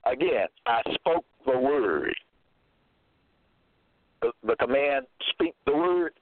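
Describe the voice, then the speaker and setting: A man preaching slowly and deliberately, citing scripture verses and checking in with his listeners. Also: mid-range voice, expressive, no echo. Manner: deliberate, cites verses, repeats "okay?". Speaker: self-styled religious teacher. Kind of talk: slow scripture-citing sermon. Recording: tinny phone-like dry sound.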